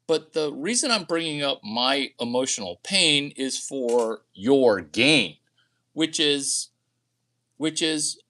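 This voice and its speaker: A man's voice: medium pitch, sharp tone. A man talking to camera in a rambling, crude, boastful monologue, often laughing at his own jokes. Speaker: vlogger.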